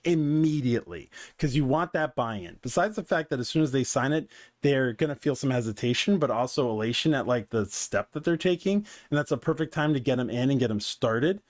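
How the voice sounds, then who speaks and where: A man who coaches businesses, talking through his points in a loose, rambling commentary full of fillers. His voice sits at a mid pitch, and the recording is dry and close with no room sound. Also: a little mellow, dry recording. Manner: conversational, digressive, filler-heavy. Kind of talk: casual commentary.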